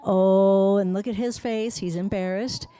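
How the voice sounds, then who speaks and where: Animated woman speech therapist teaching parents. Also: lowish voice, moderate pace. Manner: animated, exclaiming while narrating a video for kids. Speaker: speech-language pathologist. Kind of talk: parent education class presentation.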